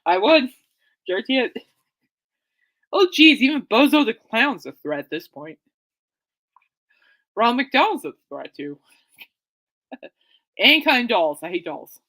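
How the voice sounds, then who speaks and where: A woman hosting her own podcast, rambling casually and excitably, often correcting herself. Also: on the high side, a little slow, pauses often. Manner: chatty, excitable, self-correcting. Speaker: podcast host.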